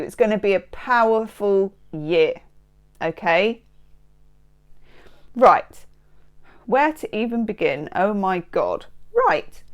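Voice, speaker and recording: Bubbly woman reading tarot. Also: medium pitch. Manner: bubbly, exclamatory and playful. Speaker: tarot reader. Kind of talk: tarot card reading to camera. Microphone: microphone close by.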